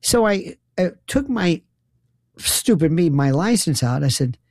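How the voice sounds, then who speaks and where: A man's voice: fairly high pitch, big pitch swings, unhurried, darkish tone, no room sound. A man, a former prosecutor, delivering a rambling, sarcastic comic monologue full of incredulous rhetorical questions. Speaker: talk show host, former prosecutor. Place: New York.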